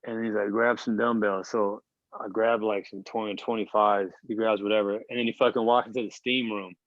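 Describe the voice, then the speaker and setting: Here the same basketball player, in his thirties and guesting on a podcast, has a lowish, fairly flat voice and a brisk pace. He tells a long, meandering story, cursing and dropping filler words throughout. There's no room sound, and the audio is dull, dry, and lo-fi.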